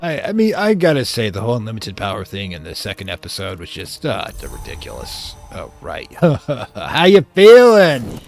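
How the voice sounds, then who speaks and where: A man's voice: fairly low pitch, big pitch swings, normal speed, gravelly, hardly any pauses, soft background music. A man hosting a video game let's play, casually commenting and hamming up a would-be villain. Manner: playful, slips into mock-villain theatrics.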